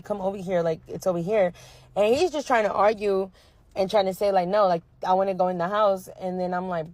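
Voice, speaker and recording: A young woman nail technician casually telling a storytime about a difficult client, animated and slangy. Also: lowish voice, no echo. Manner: animated, slangy retelling with quoted dialogue.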